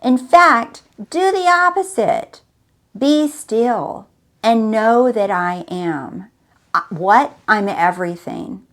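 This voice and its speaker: A woman's voice: fairly high pitch, lively intonation, slow, a bit bright. Emphatic woman giving a spiritual pep talk. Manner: emphatic, repetitive and coaxing, addressing the listener directly. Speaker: host.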